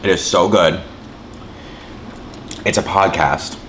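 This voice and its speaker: Very low-voiced man rambling while eating. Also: steady tone, slow pace, a bit bright, slight background noise. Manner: rambling, says "like" a lot, chews and hums between lines. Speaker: mukbang vlogger. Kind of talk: casual chat while eating.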